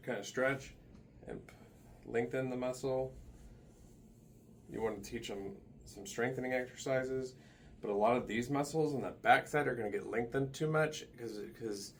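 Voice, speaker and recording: A man's voice: mid-range voice, normal speed, a little hiss or hum. A man working as a massage therapist, giving a casual hands-on demonstration with loose, chatty asides in a massage room. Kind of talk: hands-on instructional demo.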